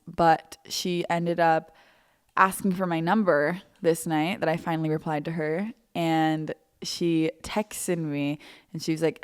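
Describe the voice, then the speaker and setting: A young woman hosting her podcast in a casual storytelling chat. Her voice sits a little low for a woman, and she talks in a rambling, self-mocking way, dropping "like" into almost every phrase. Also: clear, resonant tone. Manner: chatty, animated, heavy use of "like", self-mocking. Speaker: podcast host.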